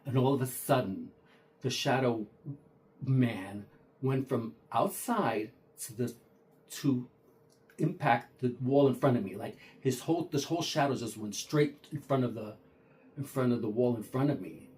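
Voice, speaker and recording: A man's voice: mid-range voice, measured pace, darkish tone. A man casually retelling a true ghost story, talking conversationally with frequent restarts and acted-out dialogue.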